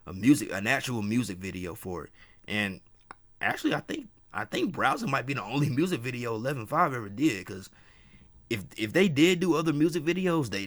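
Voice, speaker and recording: A man's voice: lowish voice, a bit bright. A man casually reviewing a hip hop album track by track, enthusiastic and repeating himself, dropping "man" often. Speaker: music reviewer.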